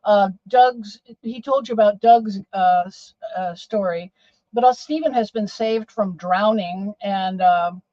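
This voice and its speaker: A woman's voice: mid-range voice, measured pace, warm tone, no echo. An older woman as a podcast guest, explaining with hesitations and many fillers. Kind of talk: casual interview talk. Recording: dull lo-fi sound, dry.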